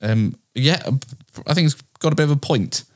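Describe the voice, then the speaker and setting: A man co-hosting a casual podcast chat, dry and quick with short quips. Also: on the high side, animated. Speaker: podcast co-host.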